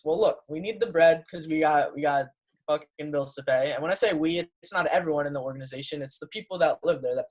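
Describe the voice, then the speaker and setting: Male co-host, earnest and emphatic explainer, slightly high voice. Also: quick pace, low-quality recording. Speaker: podcast co-host. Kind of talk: casual chat.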